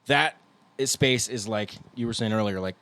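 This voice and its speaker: A man's voice: lowish voice, moderate pace, bright, forceful tone. A young man co-hosting a podcast, talking in a loose, rambling, casual way and breaking into goofy slurred voices now and then. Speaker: podcast co-host, guitarist. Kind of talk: casual chat.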